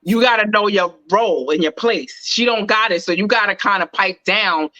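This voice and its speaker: A woman's voice: mid-range voice, moderate pace, pushed and bright, no echo. A woman co-hosting a reality TV review, chatting with strong opinions. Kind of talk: casual chat. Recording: dry, dull lo-fi sound.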